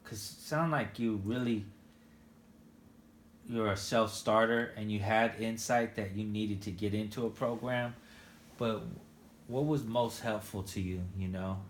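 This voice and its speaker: A man interviewing a father he worked with, asking gentle leading questions with frequent restarts. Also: on the low side, unhurried, echoey room, slight background noise. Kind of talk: casual interview.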